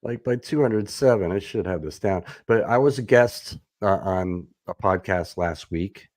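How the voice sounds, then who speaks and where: Low-voiced self-deprecating podcast host man. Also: unhurried, darkish tone, no room sound, clean studio sound. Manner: self-deprecating, rambling with fillers. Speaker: bass player. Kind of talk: casual chat. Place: echoey home room. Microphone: desk USB microphone.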